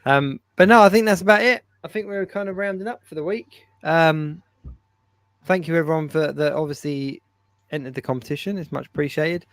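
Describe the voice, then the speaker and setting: A man's voice: fairly high pitch, a little fast, a bit bright, no room sound. Man hosting, dry close sound. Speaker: show host. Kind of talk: casual live-stream chat. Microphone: video call.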